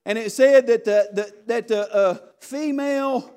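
A man preaching a sermon to his church, emphatic and often shouting, with folksy repeated asides. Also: very high-pitched, a little slow, smooth.

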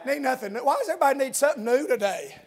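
A man preaching a fiery revival sermon, shouting and drawling, dropping an amen after nearly every line. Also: very high voice, animated, rapid-fire, a crowd in the background. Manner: shouting, drawling, dialectal grammar, constant amens.

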